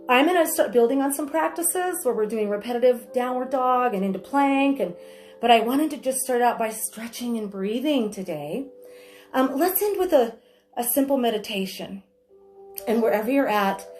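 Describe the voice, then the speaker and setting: A woman's voice: on the high side, a little mellow, reverberant. A woman guiding a yoga class with chatty, encouraging step-by-step cues. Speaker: yoga instructor. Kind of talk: guided yoga instruction. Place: home studio room.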